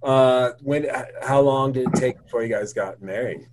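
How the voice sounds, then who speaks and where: A man from Wyoming hosting a casual podcast chat, relaxed and easygoing. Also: mid-range voice, normal speed. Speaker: podcast host.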